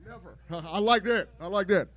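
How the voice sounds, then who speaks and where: A man with an unusually high voice doing a crude, rambling stand-up set in a garage show. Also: animated, moderate pace. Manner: crude, rambling jokes with repeated false starts. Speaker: stand-up comedian. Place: home garage show before a live crowd.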